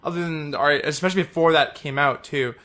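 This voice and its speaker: A man's voice: on the high side, fast talker, bright, forceful tone. A man co-hosting a casual car podcast, rambling and joking, laughing often. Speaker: podcast co-host.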